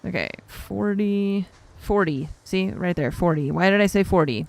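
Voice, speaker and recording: A woman's voice: medium pitch, moderate pace, creaky. A young woman streaming a factory-building game, thinking aloud and getting flustered as she juggles numbers, poking fun at herself. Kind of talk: casual gameplay commentary.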